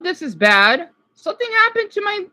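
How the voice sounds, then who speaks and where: A woman's voice: extremely high pitch, sing-song, moderate pace, bright, forceful tone, faint music behind. A woman vlogger ranting casually, frustrated and swearing at her laptop.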